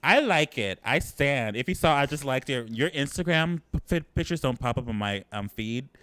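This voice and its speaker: A young man co-hosting a podcast, teasing and dramatic, quick to laugh. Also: mid-range voice, animated, a bit bright, smooth, dry recording. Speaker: podcast co-host. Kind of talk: casual chat.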